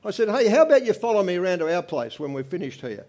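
A man's voice: sits high, quick pace. Older man giving earnest testimony. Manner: earnest storytelling, swings from animated to quiet. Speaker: church member giving a testimony. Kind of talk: personal testimony to a congregation.

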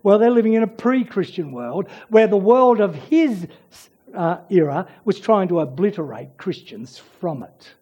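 Slow, emphatic preacher. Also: mid-range voice, very animated, husky, dull audio. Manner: emphatic, swings between loud urging and hushed near-whispers. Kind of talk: sermon.

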